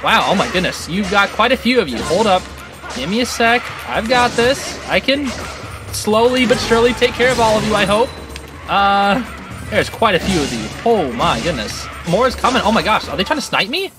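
Rambling gamer doing a playthrough, laughs a lot, super animated. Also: medium pitch, moderate pace, music in the background. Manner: excitable, rambling, laughs often. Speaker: gaming channel host. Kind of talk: let's play commentary.

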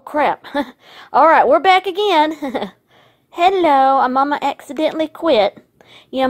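50s woman vlogging at home, fussing over her dog, slightly high voice, giggly. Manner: doting baby talk to her dog, laughing often. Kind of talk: casual home vlog.

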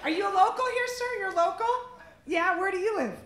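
A woman's voice: very high voice, fairly quick. A woman comedian doing stand-up crowd work on a club stage, brash and teasing, laughing often. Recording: echoey club with loud noise.

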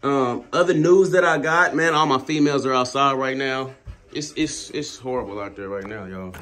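A man's voice: mid-range voice, normal speed, a bit bright. A man talking casually to his viewers as a dog breeder, calling them y'all and breaking off to scold his dogs. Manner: laid-back, talks to dogs mid-sentence. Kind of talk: casual vlog.

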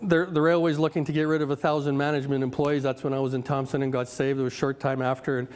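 A man's voice: medium pitch, flat delivery, fast talker, a little mellow, clear, resonant tone, long reverb tail. A man in his fifties preaching a sermon as a guest speaker, in a conversational, story-driven way with frequent restarts and repeated words. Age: 50s. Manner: conversational, anecdotal, with many restarts.

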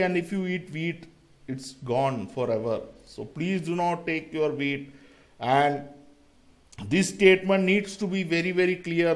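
Indian-accented male vlogger, slightly high voice, rambling and insistent monologue. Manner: rambling and emphatic, often addressing listeners as "guys".

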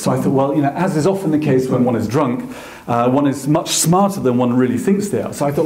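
A man telling a comic story on stage at a masterclass, self-mocking and animated, acting out the voices of the people he quotes. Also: mid-range voice, fast. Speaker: photographer giving a masterclass talk. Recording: echoey hall.

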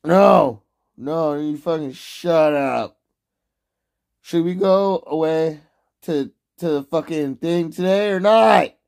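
A young man livestreaming, ranting and yelling insults at his chat, then dropping to low mutters. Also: takes it slowly, creaky. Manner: swings between shouting and low mutters. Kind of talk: casual livestream rant.

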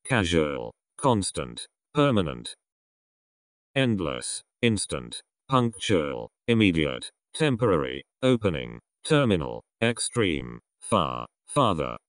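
A man reading English vocabulary words one by one in a slow, measured list. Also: sing-song, dry recording. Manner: slow, word-by-word list reading with rising pitch on some words. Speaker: vocabulary reader.

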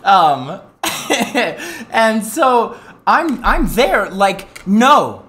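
Animated ranting streamer man, bright voice. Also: high voice, extremely slow. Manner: animated, profane, prone to loud outbursts; incensed storytelling with self-mocking asides. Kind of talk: live-stream rant.

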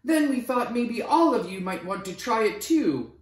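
A man's voice: extremely high pitch, animated, moderate pace, voice pushed up. A man voicing Virginia, an eager female state in a storybook, in a raised voice, recorded with a roomy echo.

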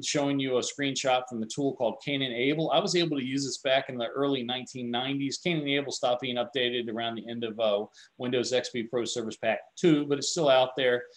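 A man's voice: medium pitch, poor audio. A man presenting on cybersecurity in a conversational, loose way, often restarting his words as he tells stories. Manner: conversational, repeats and restarts words, animated storytelling. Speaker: security presenter. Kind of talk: informal tech webinar lecture.

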